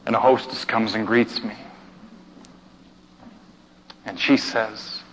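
A man preaching a sermon as a dramatic story, speaking emotively, by turns hushed and shouted. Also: on the low side, steady tone, normal speed, a little hiss or hum. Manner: emotive, theatrical, with hushed passages and shouted outbursts. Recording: dull sound with long hall reverb.

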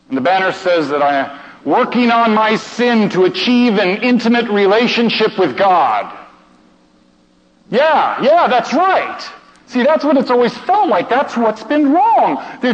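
A man preaching through a story, stammering and repeating himself, swinging between hushed and excited delivery. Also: sits high. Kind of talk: sermon storytelling. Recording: reverberant hall, dull muffled sound, faint noise.

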